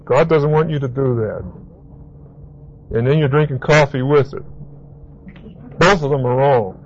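A male preacher teaching scripture in an emphatic, repetitive way, stressing key words and spelling out terms letter by letter. His voice sits at an ordinary middle pitch. The recording is dull and lo-fi, with a faint hiss underneath. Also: slow pace. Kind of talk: Bible teaching sermon.

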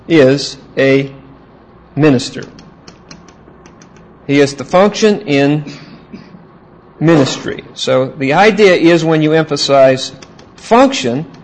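A man's voice: fairly high pitch, rough recording. Man teaching a Bible class. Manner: asks the class questions and repeats key points slowly.

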